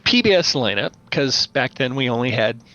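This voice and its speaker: A man who runs tabletop games, chatting on a podcast as an animated storyteller. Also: medium pitch, moderate pace. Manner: animated storyteller, playful voice imitations. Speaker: podcast guest, game master. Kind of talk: casual podcast chat. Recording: dull lo-fi audio.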